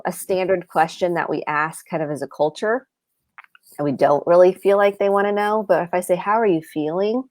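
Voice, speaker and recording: Middle-aged Midwestern woman therapist, earnest advice with example lines; lowish voice, dry close sound. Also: darkish tone, no room sound. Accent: American Midwest. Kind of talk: advice talk on a live show.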